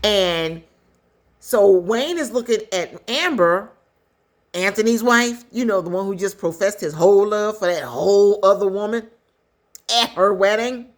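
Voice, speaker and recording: A woman casually recapping a story in a chatty, animated way, with quick asides. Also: mid-range voice. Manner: chatty, animated retelling with acted quotes. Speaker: commentator recapping a skit.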